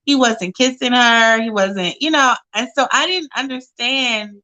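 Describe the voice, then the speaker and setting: A woman's voice: a little high, unhurried, pushed and bright, low-quality recording. A woman co-hosting a casual recap chat, agreeing emphatically and repeating her points. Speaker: co-host.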